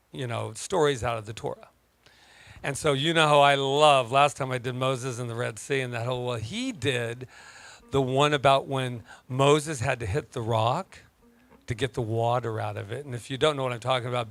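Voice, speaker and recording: A man preaching a casual sermon as pastor, telling stories in an animated, joking way. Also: mid-range voice, dry recording. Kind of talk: conversational sermon.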